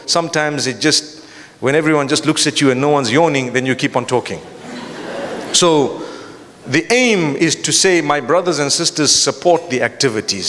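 A man's voice: on the high side, a bit bright, big-room sound. A man preaching a lecture to a live audience, emphatic, with rhetorical questions and repetition. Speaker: Islamic preacher. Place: large hall before an audience.

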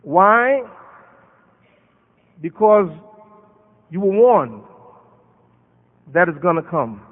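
A man's voice: high voice, very animated, drawn-out words. An American man giving an impassioned sermon at a Muslim conference, quoting Arabic verses. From United States. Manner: impassioned preaching with Arabic quotations. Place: large conference hall. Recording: phone-like sound with long hall reverb.

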